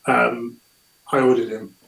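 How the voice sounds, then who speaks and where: A man's voice: mid-range voice, level tone, unhurried, vocal fry, fairly bright tone. Rambling man from South East England, roomy. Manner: rambling, hesitant, with repeated words. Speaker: guest on a livestream. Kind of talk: casual chat. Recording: roomy echo.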